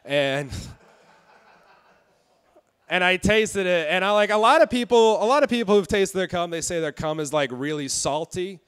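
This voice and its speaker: A young man in his twenties doing a stand-up set in a comedy club, delivering dark jokes in a deadpan way with halting fillers. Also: high voice, clean tone. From Indiana.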